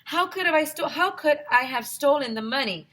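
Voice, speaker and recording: Woman putting on a shrill, protesting accused man. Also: expressive, moderate pace, a bit bright. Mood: pleading. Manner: high, pleading, protesting.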